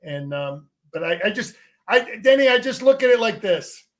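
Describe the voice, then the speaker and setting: This is a middle-aged man with a fairly high voice who has coached and played the game. He talks sports casually and with force, tripping over his own restarts and throwing in a mild curse to make a point. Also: very animated, moderate pace, a bit bright. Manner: emphatic, repeats words and restarts, salty. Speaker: former player and coach, guest.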